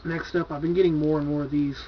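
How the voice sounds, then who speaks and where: Casual, profane man, higher-pitched voice. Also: level tone, fast talker, slight background noise. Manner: laid-back, profane, enthusiastic, filler-heavy. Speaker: horror movie collector reviewing his purchases. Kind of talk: casual video review. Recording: dull lo-fi home video recording.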